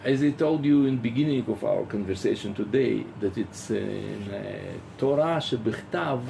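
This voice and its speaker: A man teaching as a rabbi in a philosophy lecture, halting with many fillers and acting out little dialogues. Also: fairly low pitch, gravelly, warm tone, a little hiss or hum. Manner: rhetorical, acts out dialogues.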